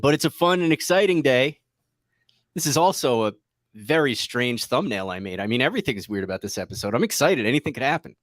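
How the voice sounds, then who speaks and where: Rambling, self-mocking trading show host. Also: male voice, medium pitch, lively intonation, fast, dry recording. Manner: rambling, joking at himself, laughs often. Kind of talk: casual livestream chat. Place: office.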